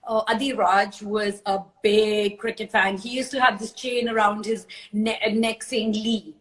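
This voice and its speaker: A woman's voice: mid-range voice, level tone, unhurried, low-quality recording. A woman in her forties hosting a casual live chat on a phone, telling a story in a chatty way with many fillers. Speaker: live stream host.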